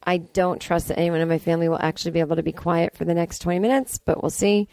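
A woman's voice: on the low side, steady tone, fast, a little mellow, dry recording. A woman podcast host recapping a movie from a family home in a sarcastic, chatty way.

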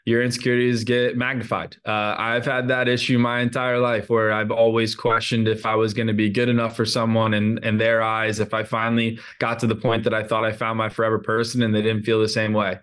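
A man's voice: lowish voice, monotone, a little fast, few pauses, a bit bright, clean tone. A man as a guest in a casual interview, earnest and open, often restarting his sentences. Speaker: reality show lead, guest.

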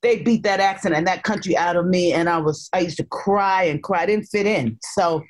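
An older woman, a guest joining by remote line, telling stories from her childhood in a playful, expressive way. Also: on the low side, a little fast. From North Carolina, raised in Harlem. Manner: animated storyteller, playful and expressive. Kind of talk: casual chat.

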